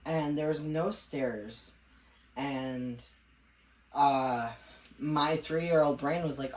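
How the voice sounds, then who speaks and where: A man's voice: on the high side, very slow, pauses often. A man co-hosting a podcast, telling a story in a rambling way with lots of laughs. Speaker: podcast co-host. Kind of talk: casual chat. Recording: echoey room, mic at a distance.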